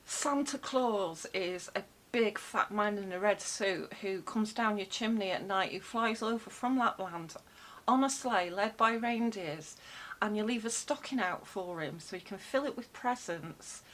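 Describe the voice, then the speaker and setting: A woman's voice: medium pitch, measured pace, a bit bright, poor audio. A woman vlogging from home, chatting casually with many fillers and wry asides into a desk microphone. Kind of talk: casual rambling talk to camera. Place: home room with cats about.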